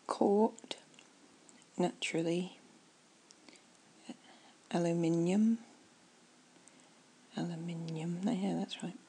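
A woman doing a whispered ASMR chat, soft and rambling as she muses aloud. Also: on the low side, slightly rough, rough recording.

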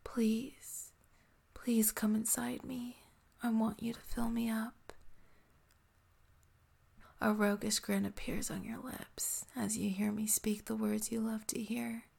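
A woman narrating a whispered role-play in a soft, slow, intimate whisper, close to the mic. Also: fairly high pitch, level tone, vocal fry, slightly rough.

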